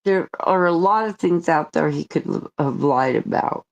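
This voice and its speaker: A woman's voice: low-pitched, moderate pace, lo-fi sound. A woman co-hosting a casual livestream chat, talking in an earnest, indignant way. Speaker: co-host.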